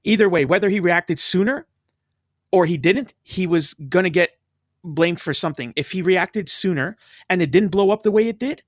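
A Canadian man in casual chat, talking fast and animated, often acting out quoted voices. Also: sits high, no echo, studio quality.

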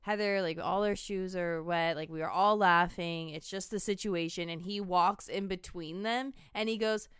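A woman's voice: on the low side, steady tone, normal speed, hardly any pauses, clear, resonant tone, no room sound, studio quality. Chatty young woman reviewing a film. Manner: chatty, quotes characters, adds corrections. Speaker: podcast co-host. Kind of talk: casual film review chat.

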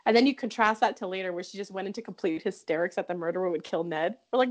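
A woman co-hosting a podcast in casual chat, animated and giggly, with frequent laughs and fillers. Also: medium pitch, very fast, few pauses. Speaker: podcast co-host. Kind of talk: casual chat recapping a soap opera.

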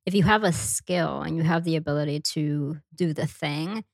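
A young woman hosting a podcast reflects aloud on her guest's answer in a relaxed, affirming way. Her voice is somewhat low and sounds dry and close. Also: vocal fry, dry recording. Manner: reflective, affirming listener with quick asides. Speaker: podcast host. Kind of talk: casual interview chat.

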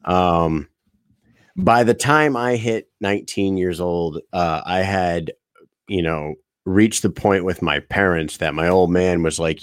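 A man with a fairly low voice hosts a casual podcast, laid-back and foul-mouthed as he rambles through a party story. The recording is dry and close, with no room sound. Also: takes it slowly, smooth, no room sound. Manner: laid-back, swears freely, tells rambling stories. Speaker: podcast host.

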